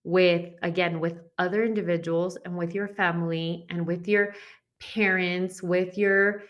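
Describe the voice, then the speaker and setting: A woman's voice: on the low side, fairly even intonation, unhurried, muffled recording. A woman life coach appearing as a guest, speaking in an affirming, encouraging way. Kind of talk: casual conversation.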